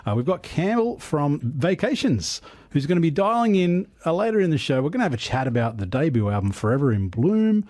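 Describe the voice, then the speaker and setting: A man's voice: fairly high pitch, very animated, a little fast, darkish tone, dry recording. An Australian man co-hosting a casual radio music show, upbeat and jokey, correcting himself with a laugh.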